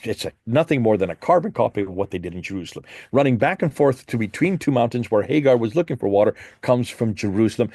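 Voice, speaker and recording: A man delivers an emphatic lecture, his voice rising and falling in lively swings as he fires rhetorical questions at the audience. The sound is close and dry, with little room around it. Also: fairly low pitch, no echo. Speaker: Christian apologist presenter. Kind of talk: lecture presentation with slides.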